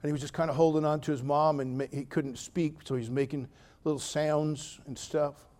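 Animated older male pastor preaching. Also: on the high side, moderate pace. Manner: humorous, animated storytelling with sudden loud outbursts. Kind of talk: sermon. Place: church.

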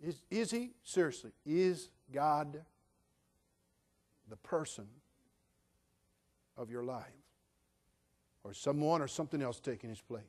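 A male pastor preaching a sermon with humor, swinging between loud emphatic bursts and quiet, dry asides. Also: fairly high pitch, expressive, slow pace, pauses often.

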